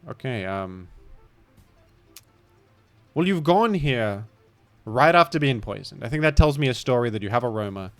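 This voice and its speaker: A man's voice: mid-range voice, animated, moderate pace, pauses often, dry recording, soft background music. A man with a British accent commenting live on a game he is playing, rambling in a playful, mock-grandiose way. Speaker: streamer.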